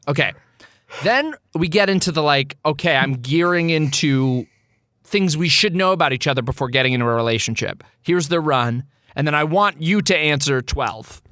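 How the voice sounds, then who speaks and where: A man's voice: fairly high pitch, expressive, moderate pace, pushed and bright, no room sound, studio quality. A man co-hosting a comedy podcast, reading out questions in a playful, teasing way and laughing often. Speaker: podcast co-host asking questions. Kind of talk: casual chat.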